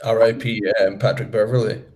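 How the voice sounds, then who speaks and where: Teasing Scottish co-host. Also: male voice, lowish voice, level tone, fairly quick, darkish tone. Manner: teasing, dry humour. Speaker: podcast co-host. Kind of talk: casual chat. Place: home in Berlin. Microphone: video call.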